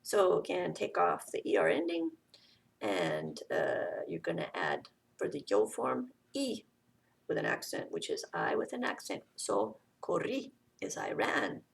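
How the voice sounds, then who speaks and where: A woman's voice: on the low side, huge pitch swings, a little slow, vocal fry, far from the mic. A woman teaching a Spanish grammar lesson, explaining step by step and often checking in with "okay".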